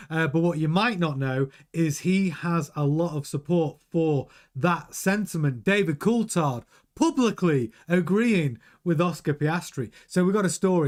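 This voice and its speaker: A man hosting a daily motorsport news show, chatting frankly and giving his opinions while greeting viewers in the live chat. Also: fairly high pitch. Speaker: news channel host.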